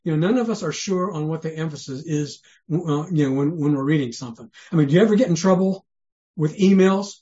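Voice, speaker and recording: A man with a slightly high, dark-toned voice preaches briskly in an earnest, conversational manner. He poses lots of rhetorical questions and frequently restarts his sentences, captured on a dull lo-fi sermon recording.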